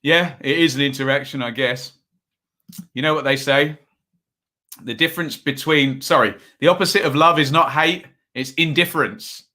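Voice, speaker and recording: Male stream host, chatty and tired, bright tone. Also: a little high, normal speed. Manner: chatty, reads out chat messages and scores. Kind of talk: casual live-stream chat and score updates.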